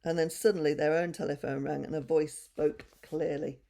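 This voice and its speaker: Gentle woman storyteller, husky and low, reading to children. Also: steady tone, normal speed.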